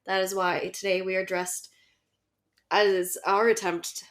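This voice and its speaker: A woman's voice: mid-range voice, flat delivery, measured pace. A young woman co-hosting a casual podcast, her voice congested from a cold, with a dry, wry humor. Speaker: podcast co-host. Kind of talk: casual chat.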